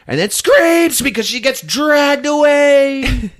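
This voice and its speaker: A man's voice: very high-pitched, slow pace. A man hosting a podcast, casually retelling a film plot with lots of laughter and acted-out bits. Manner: animated, laughing often, acting out scenes. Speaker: podcast host. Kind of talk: casual movie recap.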